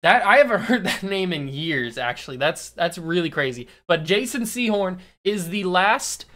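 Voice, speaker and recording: A man in his early twenties, a YouTube host giving a casual sports commentary monologue, animated and teasing, slowing down to stress key words. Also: high voice. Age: early 20s.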